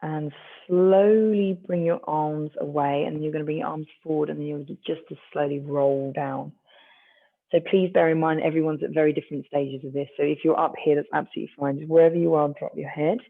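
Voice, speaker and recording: A stretching instructor, guiding a class gently and encouragingly, with light self-mocking asides. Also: medium pitch, fairly even intonation, fairly quick, creaky. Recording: tinny phone-like sound.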